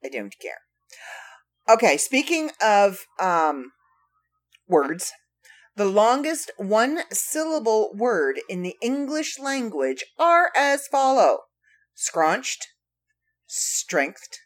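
A woman's voice: medium pitch, very animated, slow pace, long pauses. A woman hosting a casual solo podcast, reading trivia facts aloud with playful, wry asides to her listeners. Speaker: podcast host.

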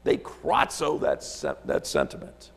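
Man, sermon, visiting pastor, husky voice, very lively pitch, long church reverb. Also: a little slow. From Alaska. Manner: storytelling, rhetorical questions, repeats words. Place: church sanctuary.

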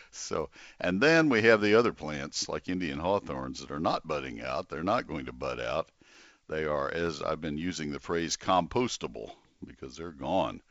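An older man hosting a call-in garden radio show, chatty and folksy with lively exclamations. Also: a bass voice, moderate pace, dry recording, highs cut off. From Texas.

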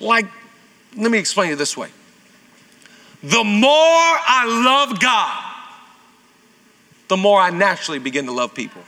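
High bright guy preaching in a big echoey church, chatty then fired up. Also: sing-song, normal speed, long pauses. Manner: conversational preaching that builds to shouted exhortation. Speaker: pastor. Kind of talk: sermon. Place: church auditorium. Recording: long reverb of a large hall.

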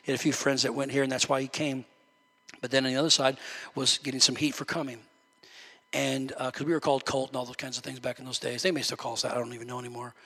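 A man preaching a sermon as pastor, telling a story and building to loud preaching. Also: mid-range voice, flat delivery, fast, breathy edge. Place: church sanctuary. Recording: long hall reverb.

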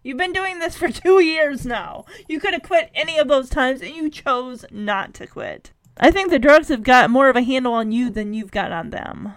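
A woman with a high voice recaps a cartoon episode in a loose, chatty way. She keeps throwing in "like" as she goes. The sound is dry and close, with no room echo. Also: normal speed. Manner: chatty, animated retelling full of "like".

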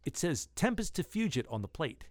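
A man's voice: fairly high pitch, big pitch swings, a little fast, a little mellow, dry recording, clean studio sound, voice pushed up. Doctor Electro, a man voicing him, tense and careful. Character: cautious adult male hero Doctor Electro.

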